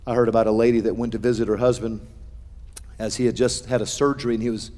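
A man's voice: lowish voice, little pitch movement, fast talker, darkish tone, in a large hall. A middle-aged male pastor preaching a sermon, earnest, with folksy humor and shifting emphasis.

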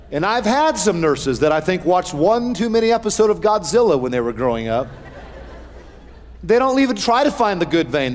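Middle-aged male pastor, earnest folksy sermon delivery, slightly high voice, long hall reverb. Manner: earnest preaching with folksy humor, varied emphasis.

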